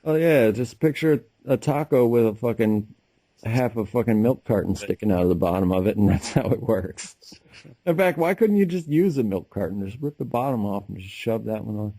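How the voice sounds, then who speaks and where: A man co-hosting a podcast, rambling through crude casual chat in a profane, deadpan way. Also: fairly low pitch, normal speed, no room sound. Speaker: podcast co-host.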